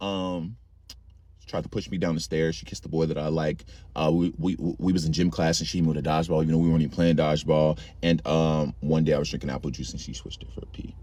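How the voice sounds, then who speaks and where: A man's voice: rumbling low, flat delivery, fast talker, no room sound, pitched below the performer's own voice. A man doing a timid, mumbling little girl. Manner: quiet, hesitant, mumbling.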